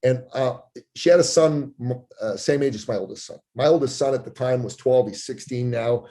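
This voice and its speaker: A man's voice: normal speed, dark tone. A man in his forties, a podcast guest, telling a story with energy and acting out the voices of the people in it. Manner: acts out quoted voices with big pitch jumps. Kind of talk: animated storytelling. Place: Toronto area.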